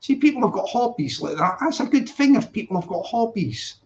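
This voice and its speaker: A man's voice: very high-pitched, very animated, brisk, darkish tone, slight background noise. A man hosting a live stream, chatting casually and rambling as he reads out viewer comments. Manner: rambling, repeats himself, chatty. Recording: dull lo-fi stream audio.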